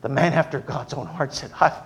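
A man delivering a sermon with a fairly high voice. He tells jokes with lively energy, then drops into a low, earnest exhortation. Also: fairly quick. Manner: animated, humorous storytelling then earnest preaching. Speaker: preacher.

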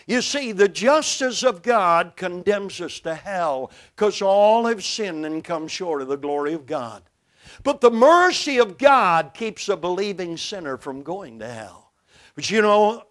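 Older male preacher from Brooklyn, high-pitched and emphatic, booming then hushed, pulpit sermon. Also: animated, measured pace. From Brooklyn, New York. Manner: emphatic, dramatic swings in loudness. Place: church, behind a pulpit.

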